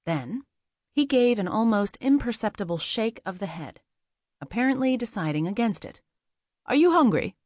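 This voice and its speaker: A woman reading a first-person fantasy audiobook, measured and quietly expressive. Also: mid-range voice, dry recording, studio quality. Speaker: audiobook narrator.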